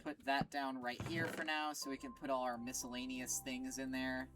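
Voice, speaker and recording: A woman streaming a game, reacting in an excitable, foul-mouthed way and laughing often. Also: extremely low pitch, normal speed. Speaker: gaming streamer. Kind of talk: casual let's-play commentary. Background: game music.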